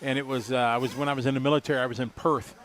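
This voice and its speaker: A man in his fifties doing relaxed, rambling live race commentary, chatty and jokey. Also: mid-range voice, very fast, slight background noise. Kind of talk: casual live commentary chat.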